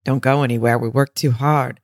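A woman with a low voice co-hosts a podcast in loose, chatty banter. She swears freely and jokes her way through. The sound is dry and close. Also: steady tone, brisk, a little mellow, no echo. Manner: profane, joking. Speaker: podcast co-host. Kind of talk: casual chat.

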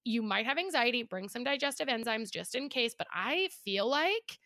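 A woman's voice: on the high side, expressive, moderate pace, sharp tone, no echo, studio quality. A young adult woman co-hosting a podcast in casual chat, telling stories animatedly, acting out the people she quotes and swearing freely. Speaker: podcast co-host.

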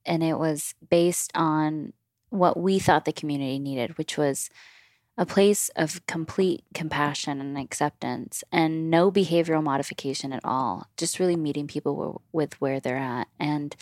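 A woman's voice: low-pitched, unhurried, darkish tone, no echo, clean studio sound. A woman in her thirties, a podcast guest, talking candidly about personal experiences in casual chat at home. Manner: candid, confessional storytelling.

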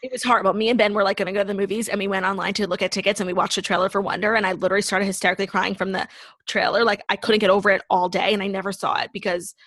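A young woman co-hosting a podcast in casual chat, talking with lots of "like" and telling stories in an animated way. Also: medium pitch, very fast, no echo. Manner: chatty, lots of "like", animated storytelling. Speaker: podcast co-host.

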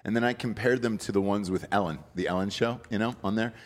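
A man's voice: lowish voice, fast talker. A man hosting a casual chat, rambling and hesitant with profane asides.

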